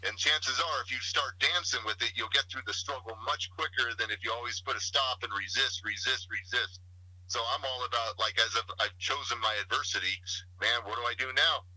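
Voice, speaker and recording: A man's voice: medium pitch, fairly quick, bright, forceful tone, husky, no room sound, low-quality recording. A man giving a motivational talk as a podcast guest, preaching in rhythmic slogans and wordplay. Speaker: guest speaker.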